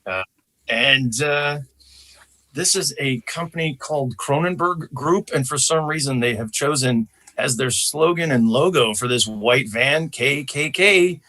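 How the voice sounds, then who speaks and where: A man from Chicago with an American accent, a comedian talking as a podcast guest, animated and quick to slip into impressions. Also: mid-range voice. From Chicago, USA. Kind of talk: podcast conversation.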